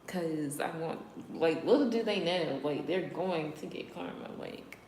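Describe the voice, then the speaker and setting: A woman's voice: low voice, unhurried, darkish tone, a little hiss or hum. A woman hosting a casual livestream, talking straight to her viewers, sometimes dropping to a whisper and laughing. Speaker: livestream host. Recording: roomy room echo.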